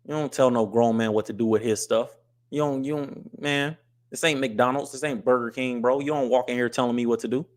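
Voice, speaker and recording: A blunt, straight-talking man from the US West Coast hosts a casual live stream. He has a middle-pitched voice and often stops to read viewer comments aloud. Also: steady tone, fairly quick. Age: adult with wife and kids. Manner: blunt and scolding to chat, reads comments aloud. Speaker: livestream host.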